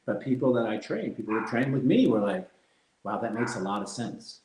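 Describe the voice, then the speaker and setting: A middle-aged man talks candidly as an interview guest. He speaks at an ordinary pitch, reflective one moment and lively the next, often laughing through his anecdotes. His voice rings in a roomy, echoing space. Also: brisk, noisy background. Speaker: guest, former fighter.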